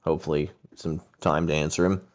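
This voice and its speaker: A man's voice: a bass voice, little pitch movement, fairly quick, over a noisy crowd. A man playing in a tabletop game, hesitant and full of "uh"s, courteous when in character. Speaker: player. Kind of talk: casual tabletop game chat.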